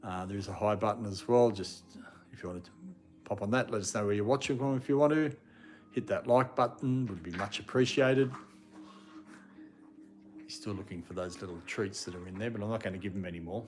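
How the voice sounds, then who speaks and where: A man's voice: on the low side, fairly quick. A man live streaming, chatting casually and rambling, breaking off now and then to scold his dogs. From Australia. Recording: music playing in the background.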